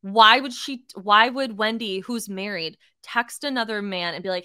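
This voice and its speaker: A young adult woman hosting a casual solo podcast, talking in an animated way with lots of fillers and swearing, and acting out quotes in shifting voices. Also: fairly high pitch, normal speed, hardly any pauses, dry recording, clean studio sound. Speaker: podcast host.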